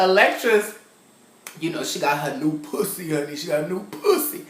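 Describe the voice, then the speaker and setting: This high-pitched, brisk TV show reviewer is a young man from California. He recaps with sass and animation, slipping into the characters in a casual, friendly chat, and the room around him rings with a noticeable echo.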